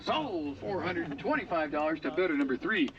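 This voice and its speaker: High-voiced guy running a boat auction outside, far off mic, muffled, crowd noise all around. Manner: rapid bid chant with playful crowd banter. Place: outdoor boat auction at a harbor. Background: crowd chatter.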